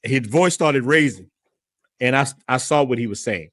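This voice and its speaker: A man speaks as a podcast guest, telling a story from his own life in a lively, casual way and doubling back on his words. His voice sits at an ordinary middle pitch. The sound is dry and close, with no room echo. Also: moderate pace. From New Orleans area, USA. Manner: animated, repeats words while telling a story.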